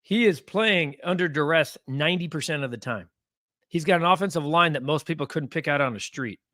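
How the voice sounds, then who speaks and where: A man with a fairly high voice hosts a live sports chat, reacting to viewer comments. He talks in an animated, heated way that swings up and down, recorded dry and close. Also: fairly quick, dry recording. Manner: animated, gets heated and rants. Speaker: sports show host reading live comments. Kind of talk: casual live-stream sports talk.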